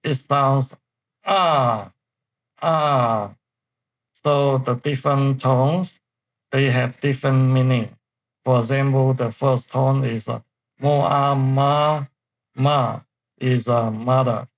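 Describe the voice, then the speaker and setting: Slow, deliberate male language teacher. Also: medium pitch, little pitch movement, low-quality recording. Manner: slow, deliberate explanation with pauses. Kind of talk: online pronunciation lesson.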